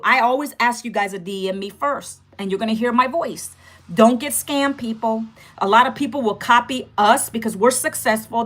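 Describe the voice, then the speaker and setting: A woman in her fifties hosts a livestream in a casual, direct way. Her voice sits a little high, and she keeps checking in with her viewers. Her talk is loose and chatty. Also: a bit bright. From United States. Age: 50s. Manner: chatty, direct, repeats "okay" and "guys". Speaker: livestream host.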